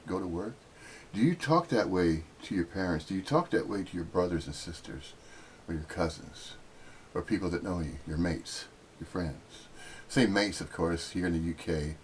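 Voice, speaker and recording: A middle-aged American man giving a rambling, teasing spiritual talk, jumping up into sudden high-pitched emphasis. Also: a little hiss or hum. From United States. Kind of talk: casual spiritual monologue.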